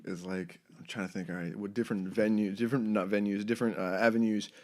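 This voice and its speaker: A man's voice: lowish voice, little pitch movement, fast. A young man, a comedian in casual podcast chat, rambling with restarts and acting out his own quotes between laughs.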